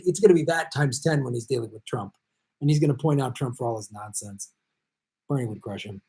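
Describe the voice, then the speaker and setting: Male stream host, mid pitch, blunt and profane, low mutters then loud bursts. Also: normal speed. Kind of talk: live-stream political commentary.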